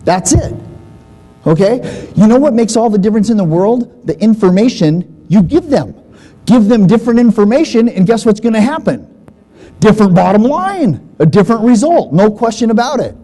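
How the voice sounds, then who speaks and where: A man's voice: high-pitched, normal speed, rough recording. A man speaking at a live seminar, telling stories and acting out the dialogue in a folksy way that repeats points for emphasis. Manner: storytelling, animated, acts out dialogue. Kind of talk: live seminar talk to an audience.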